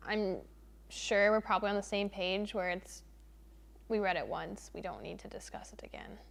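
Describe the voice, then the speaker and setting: A young woman vlogger chatting casually through a book review, animated and exasperated, leaning hard on "literally" and "like.". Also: mid-range voice. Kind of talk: casual spoiler-free book review chat.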